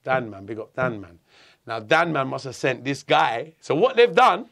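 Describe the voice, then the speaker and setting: A middle-aged man from England, telling a story in an interview, animated and swearing a lot. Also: mid-range voice, moderate pace, gravelly, crowd noise. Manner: animated, swearing, acts out voices. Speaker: guest.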